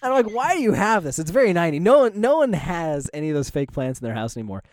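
A man co-hosting a casual podcast, his voice sitting a touch high and swinging animatedly up and down. He laughs often and swears freely, recorded dry and close. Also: lively intonation, racing, darkish tone, no echo. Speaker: podcast co-host. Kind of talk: casual storytelling chat.

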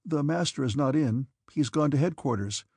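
A man's voice: on the high side, lively intonation, moderate pace, a little mellow, slightly rough, no echo, clean studio sound, voice pushed up. A man voicing a polite orderly.

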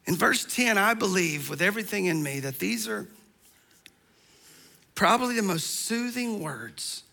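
A man preaching a sermon, passionate and emphatic, sometimes sinking to a soft hush for stress. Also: sits high, vocal fry.

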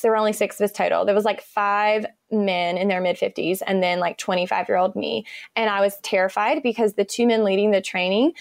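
A woman's voice: medium pitch, no echo. Woman, 30s, podcast guest: chatty, upbeat storyteller, dry close sound. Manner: enthusiastic, chatty, laughs often. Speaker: guest, business owner.

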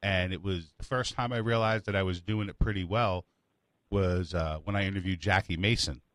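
Deep-voiced male talk show host. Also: moderate pace, no echo. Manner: relaxed, rambling, self-deprecating. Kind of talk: casual chat.

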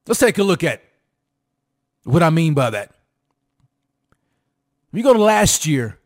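Man, high voice, hyped sports talk host, sing-song emphasis, repeats himself. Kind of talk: fired-up sports commentary to fans.

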